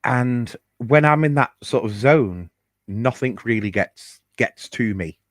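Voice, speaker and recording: A man's voice: mid-range voice, lively intonation, slow, dry recording. A man telling a personal story on a podcast, chatty and candid, with fillers and the odd swear word. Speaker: podcast host.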